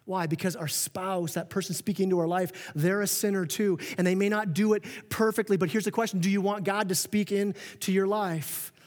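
Male pastor, earnest animated sermon, fairly high voice, long church hall reverb. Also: moderate pace, hardly any pauses. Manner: earnest, animated preaching with frequent restarts and quoted asides. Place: church auditorium.

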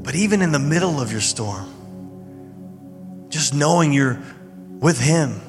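Man preaching over soft music. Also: a little high, expressive, measured pace. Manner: conversational, informal preaching with fillers. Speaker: pastor. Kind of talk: sermon and prayer. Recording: hall reverb with music behind.

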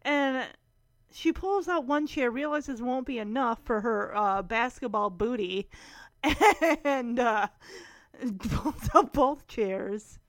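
Brief: woman vlogger, slow and high, giggly and animated, dry close sound. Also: no room sound. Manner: giggly, animated retelling with voices. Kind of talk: casual episode recap.

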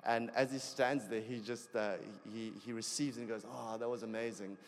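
A man's voice: medium pitch, moderate pace, a little hiss or hum. Preaching man in a reverberant hall. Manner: conversational, animated when telling stories. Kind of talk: sermon with a personal story.

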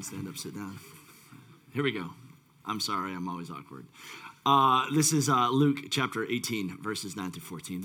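A man's voice: medium pitch, a bit bright. A male pastor preaching a casual, rambling sermon with many fillers and self-deprecating asides.

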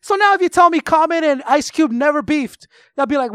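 Animated, profane man ranting in a dry room. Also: extremely high pitch, a little fast, no room sound. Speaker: podcast co-host and music reviewer. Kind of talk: casual chat.

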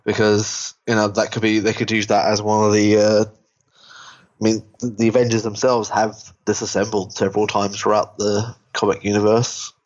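A man's voice: lowish voice, completely flat delivery, moderate pace. A man co-hosting a casual podcast chat, rambling and restarting his sentences often. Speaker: podcast co-host. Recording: dull lo-fi sound.

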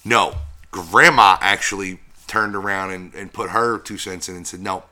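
A man co-hosting a podcast, chatting in a relaxed, rambling way with fillers and some swearing. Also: deep voice, normal speed. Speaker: podcast co-host. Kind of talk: casual chat.

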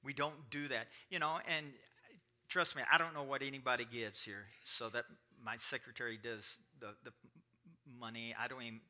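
Bright-voiced preaching man. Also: mid-range voice. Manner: conversational, swinging to rising emphatic preaching. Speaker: pastor. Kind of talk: sermon.

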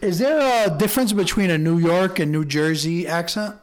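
A man hosting a casual podcast chat, relaxed and laughing often, with stumbling restarts. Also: high voice, moderate pace. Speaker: podcast host.

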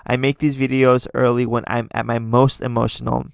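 A man's voice: medium pitch, flat delivery, moderate pace, gravelly, smooth, no echo. A man talking casually into a close microphone, reading out posts and adding his own blunt opinions. His voice sits in a middle register and the sound is dry, with no room around it. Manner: chatty, many fillers and restarts, opinionated asides. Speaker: podcast host. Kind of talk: casual commentary reading tweets.

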